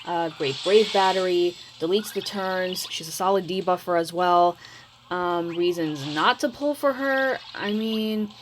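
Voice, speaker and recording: Speaking a little slowly, this woman with a lowish voice records casual gameplay commentary for her mobile game channel over background noise. She's hesitant and rambling, tends to trail off, and freely admits she's mumbly.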